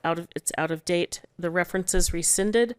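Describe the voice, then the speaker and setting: A woman serving as school board vice chair, reading a list of policy revisions quickly with small restarts. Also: on the low side, clear, resonant tone.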